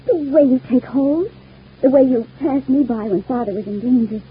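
An actress playing a clingy, lovesick young widow in a 1940s radio soap, talking in a gushing, wistful and intense way. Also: female voice, high voice, normal speed, breathy edge. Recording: tinny old radio broadcast.

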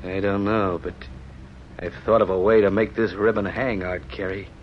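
A scheming crooked cafe keeper, played by a man with a raspy, gruff edge and a fairly low voice. It is acted in old-time radio drama style. The recording is muffled and soaked in hiss. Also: steady tone, moderate pace, lightly acted. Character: sneering crooked male cafe keeper and card cheat. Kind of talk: 1930s radio drama acting.

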